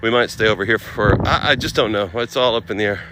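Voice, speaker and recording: A man from the United States live-streams casually as he walks windy city streets, thinking out loud about travel plans and thanking viewers by name. His voice sits on the low side and he talks fast. Wind and passing traffic fill the outdoor street noise behind him.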